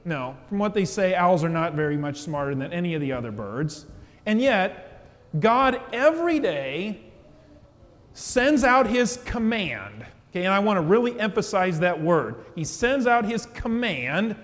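A male pastor preaching a sermon in a church, chatty and conversational, often putting questions to the congregation. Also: high-pitched. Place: church with pews. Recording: long church reverb.

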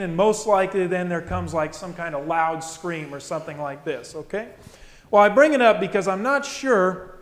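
High-voiced man preaching in echoey hall. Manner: conversational, frequent tag questions. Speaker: pastor. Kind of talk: sermon.

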